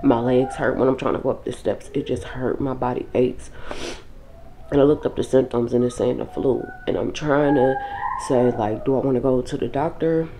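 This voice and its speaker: Young woman vlogger with a very low voice, sick and run-down, casual and tired. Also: fairly even intonation, moderate pace, noisy background. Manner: tired, informal, talks straight to viewers. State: sick with flu, weak and drained. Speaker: vlogger and mother. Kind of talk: casual vlog chat.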